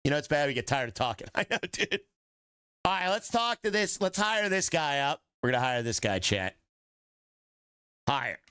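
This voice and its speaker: A man's voice: on the high side, sing-song, normal speed, pauses often, pushed and bright, smooth, dry recording. A man streaming a game, joking and chatting with his viewers and groaning at long dialogue. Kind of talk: casual live gaming commentary.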